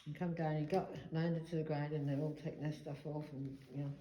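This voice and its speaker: Low-voiced medium in an echoey church. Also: female voice, level tone, fairly quick, muffled recording. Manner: hesitant, musing, calls out to a spirit. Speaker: psychic medium. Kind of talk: paranormal investigation chat. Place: inside a church.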